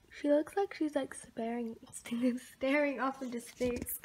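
Teen girl vlogger, high-pitched, excitable and rambling, casual camera-mic home chat. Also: slow pace, few pauses, husky. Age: teenager. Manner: excitable, giggly, rambling with many fillers. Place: at home with her dog.

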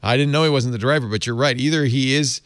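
A man hosting a casual tech panel chat, animated and laughing often as he talks. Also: medium pitch, quick pace, no echo. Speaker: host.

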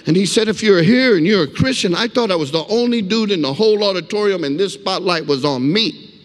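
High-voiced man preaching in an echoey hall. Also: expressive, brisk. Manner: vivid, emphatic storyteller calling for amens. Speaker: guest speaker. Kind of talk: sermon with personal testimony. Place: church sanctuary.

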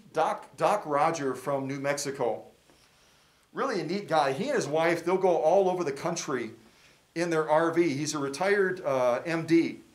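Middle-aged male host, casual and chatty, folksy presenter, a touch high-pitched. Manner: chatty, folksy, rambling trivia. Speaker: fundraiser host.

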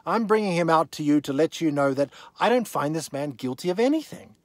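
A man's voice: on the high side, expressive, fairly quick, dry recording, natural voice. A man reading as an exasperated governor. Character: exasperated middle-aged male Roman governor.

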